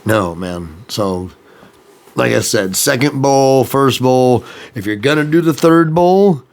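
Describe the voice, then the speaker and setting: A man's voice: mid-range voice, lively intonation, slow. A man chatting casually in a rambling vlog, laughing at his own jokes. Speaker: music vlogger.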